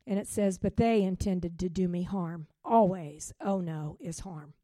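A woman preaching a sermon with passion, swinging from loud rising calls to hushed, quiet drops. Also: on the low side, unhurried, dry recording. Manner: impassioned, with sudden loud rises and hushed drops.

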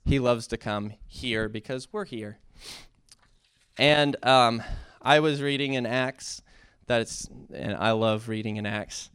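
A man's voice: mid-range voice, fairly bright tone, smooth, dry recording, studio quality. Earnest man giving a church testimony. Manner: earnest, halting, with many fillers and restarts; builds to impassioned preaching. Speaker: church speaker sharing a testimony. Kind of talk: heartfelt testimony sermon.

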